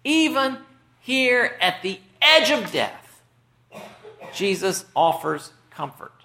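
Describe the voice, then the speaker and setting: A man delivers a sermon in a high, bright voice. He speaks slowly and deliberately, pausing for weight. The sound rings around an echoey room. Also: very animated, gravelly. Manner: slow, measured preaching with dramatic pauses. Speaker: pastor.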